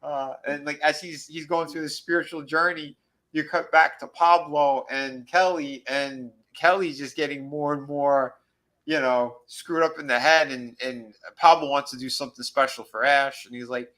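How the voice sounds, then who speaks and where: Male host, bright tone, loose rambling recap with quick voices for quotes. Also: fairly high pitch, steady tone, poor audio. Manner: rambling, acts out quoted lines. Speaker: podcast host. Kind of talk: casual recap chat.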